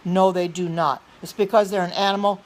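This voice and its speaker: A woman hosting a livestream, talking insistently and earnestly, often repeating herself, restarting sentences and clearing her throat. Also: lowish voice, fairly even intonation, fairly quick. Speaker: livestream host reading chat. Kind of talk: earnest preaching livestream chat.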